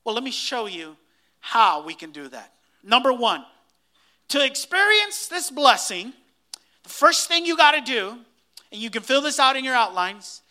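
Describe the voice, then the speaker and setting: Pastor guy preaching, super lively swoopy delivery, bright ringing voice, keeps asking the crowd what. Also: extremely high pitch, a little slow. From Hispanic household in the US. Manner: emphatic, repeats key phrases and quizzes the congregation. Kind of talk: sermon.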